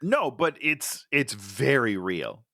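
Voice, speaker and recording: Lively, expressive woman on a dry mic. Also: extremely low pitch, slow pace, dry recording. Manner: expressive, emphatic reactions. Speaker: podcast co-host. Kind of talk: casual movie review chat.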